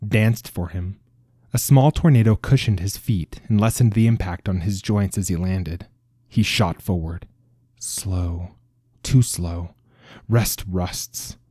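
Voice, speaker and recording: A man reading fantasy fiction aloud as a narrator, in a measured, dramatic storytelling manner. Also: fairly low pitch, mellow, no room sound, studio quality. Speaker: audiobook narrator.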